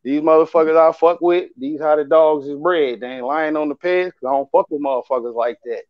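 A man's voice: a little high, a little fast, no echo, muffled recording. A man co-hosting a casual chat, talking bluntly with heavy swearing. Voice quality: profane, blunt street talk. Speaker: podcast co-host.

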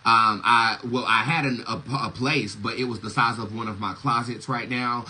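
A man giving a casual, profane preaching monologue as a tarot reader and spiritual teacher, emphatic and quick to laugh. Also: mid-range voice, steady tone, sharp tone, husky, poor audio.

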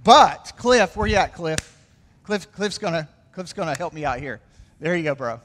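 A Southern pastor preaches in a playful, joking style and keeps pulling the congregation in. His voice sits high and bright for a man, with long reverb from the church hall around him. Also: expressive, moderate pace. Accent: American Southern. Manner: joking, playful crowd interaction. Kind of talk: sermon.

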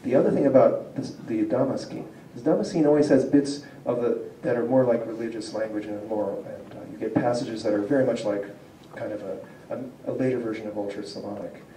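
A man's voice: lowish voice, fairly even intonation, fairly quick, hardly any pauses, warm tone. A man, a professor, giving a public lecture in a conversational, explaining way and reading out word examples. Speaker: professor of Slavic linguistics. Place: civic centre lecture room. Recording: echoey room, voice from far off, faint hum.

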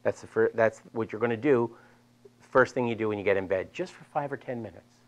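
A middle-aged man with a Delaware accent, a physical therapist presenting a live seminar to an audience and demonstrating stretches in a chatty, animated way. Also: on the low side, brisk, lo-fi sound. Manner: animated, chatty, repeats himself for emphasis.

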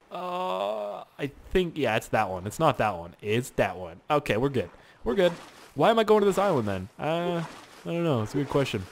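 A young man chatters through a survival game, joking and arguing with himself. His pitch swings widely and freely, with faint ambient game sound underneath. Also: sing-song, moderate pace, slight background noise. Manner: rambling, joking, talks to himself. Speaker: gaming channel host. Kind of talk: let's play game commentary.

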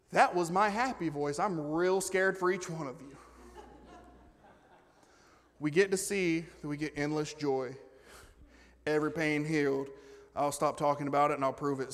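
A male pastor preaching a lively sermon. He shifts from loud, excited bragging about God to quiet, joking asides with the congregation. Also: fairly high pitch. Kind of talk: energetic sermon. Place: church sanctuary. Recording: long church reverb.

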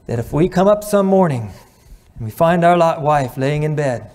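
A middle-aged man preaching a sermon on marriage, earnest, slowing and dropping to a hush at moving points, clearing his throat now and then. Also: a little high, expressive. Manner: earnest, slows and drops to a hush at emotional points.

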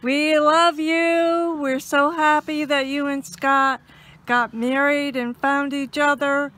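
A woman's voice: sits high, little pitch movement, slow pace, fairly bright tone, no echo. An older woman, a mother-in-law, giving an affectionate birthday message and laughing often.

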